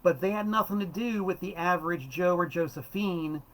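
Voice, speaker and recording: An enthusiastic man in his fifties, from South Florida, talks through records in a loose, wandering monologue. His voice sits a little high for a man, and he often stops to correct himself. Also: fairly even intonation, normal speed, rough recording. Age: 50s. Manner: rambling and enthusiastic, self-correcting. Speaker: host. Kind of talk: casual monologue about records.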